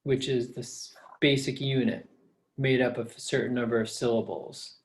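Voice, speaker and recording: A man's voice: mid-range voice, flat delivery, normal speed. A middle-aged man, a professor, patiently explaining step by step in a recorded lecture.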